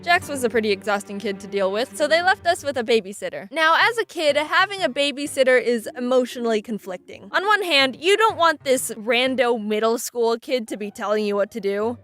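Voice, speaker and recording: A young woman telling funny childhood stories in a casual, sarcastic way, with quick asides. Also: high-pitched, expressive, a bit bright. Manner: quick shifts into quoted voices, sarcastic asides. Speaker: storytelling video narrator. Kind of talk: casual comedic storytelling. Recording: faint music behind.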